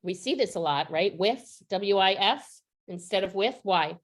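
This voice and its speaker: A woman's voice: medium pitch, lively intonation, unhurried. A woman presenting a literacy training session to teachers, explaining student writing samples and often checking in with the audience. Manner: explanatory, checks in with rhetorical "right?". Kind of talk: professional development presentation.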